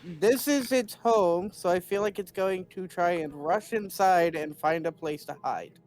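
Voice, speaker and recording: A woman's voice: lowish voice, unhurried, darkish tone. A woman playing in a tabletop game, speaking in short urgent bursts. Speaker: player. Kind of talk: casual chat at a tabletop game.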